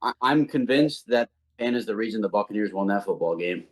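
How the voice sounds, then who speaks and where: A man on a podcast panel in casual sports chat, blunt and swearing, getting louder when worked up. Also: on the low side, expressive, a little fast.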